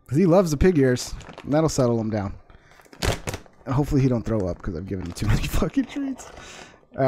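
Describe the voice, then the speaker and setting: Mellow-voiced man mocking a video. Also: mid-range voice, a little hiss or hum. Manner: laughing, swearing, mocking. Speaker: commentator reacting to a video. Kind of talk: casual reaction commentary. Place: at home with his dog.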